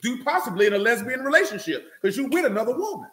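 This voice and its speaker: A man's voice: very high-pitched, big pitch swings, quick pace, a bit bright, roomy sound. A man giving a loose, conversational sermon, talking directly to listeners and often checking they follow him. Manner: talks loosely and directly, often asking "you know what I'm saying". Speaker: preacher.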